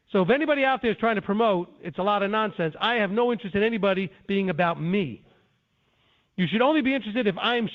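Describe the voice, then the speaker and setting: A man with a high voice lectures on scripture, earnest and a little defensive, often stopping to restart his sentences. The sound is thin and tinny, as if it came over a phone line. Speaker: Bible teacher. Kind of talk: conference-call teaching.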